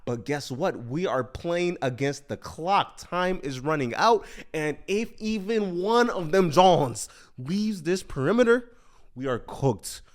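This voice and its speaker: A man with a high voice hosting a casual podcast. He talks in a slangy, animated way as he breaks down a show. His tone is lively and conversational. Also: slow pace. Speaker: podcast host. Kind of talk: casual chat.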